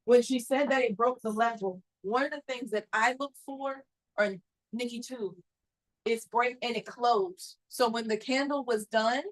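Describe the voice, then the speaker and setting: A woman co-teaching a trading lesson explains each point step by step in relaxed, everyday speech. Her voice sits slightly above the usual range for a woman. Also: on the high side, a little slow, low-quality recording. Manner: explanatory, breaks ideas into steps. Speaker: trading instructor. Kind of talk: casual teaching talk.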